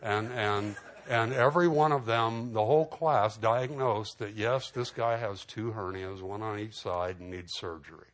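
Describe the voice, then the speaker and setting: Rambling low-voiced man telling a sermon story. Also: a little slow, few pauses. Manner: conversational, heavy "you know" fillers and restarts; animated when retelling exchanges.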